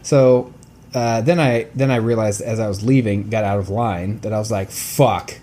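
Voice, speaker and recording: A man co-hosting a casual podcast, telling a story with animated swearing and acting out both sides of the conversation. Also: lowish voice, moderate pace, slight background noise. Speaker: podcast co-host. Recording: new, not set up home room.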